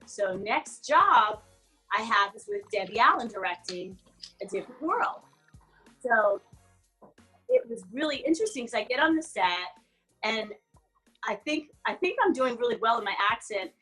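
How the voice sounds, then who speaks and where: A woman's voice: fairly high pitch, moderate pace, pauses often, husky, soft background music, rough recording. A woman guest in a casual interview, telling stories and laughing often. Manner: laughs often, animated storyteller. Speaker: guest actress.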